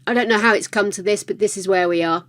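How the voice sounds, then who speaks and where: A woman's voice: mid-range voice, quick pace, fairly bright tone. A woman hosting a livestream, chatting casually with viewers, laughing often and greeting them by name. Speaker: livestream host.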